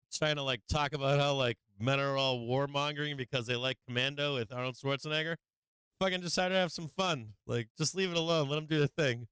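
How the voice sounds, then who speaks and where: Profane laughing livestream host, clear dry voice. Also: male voice, mid-range voice, brisk, a bit bright, no room sound. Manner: profane, laughing often, rambling. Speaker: live stream host. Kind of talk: casual profane rant on a live stream.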